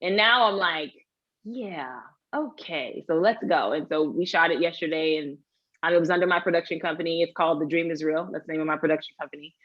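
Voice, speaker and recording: A woman's voice: deep voice, fast, no room sound, dull audio. A woman guest, an actor and author, chatting in an interview and acting out quoted voices as she tells stories. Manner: animated storyteller, acts out quoted voices. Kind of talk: casual interview chat.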